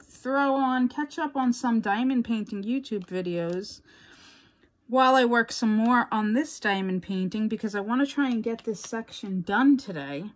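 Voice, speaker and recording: A woman with a New York accent chatting casually to viewers as a crafting vlogger, rambling and laughing often. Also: medium pitch.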